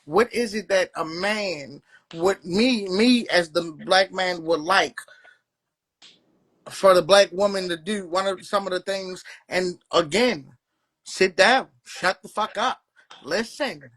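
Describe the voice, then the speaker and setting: Brash, high-voiced man teasing and cursing. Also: slow, a bit bright. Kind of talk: casual debate chat.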